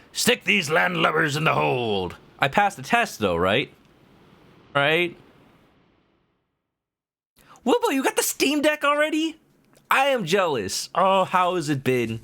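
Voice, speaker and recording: A man's voice: fairly high pitch, pushed and bright. A man streaming a video game, joking playfully and slipping into silly voices. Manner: playful, jokey, slips into voices. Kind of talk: gaming commentary. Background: game music.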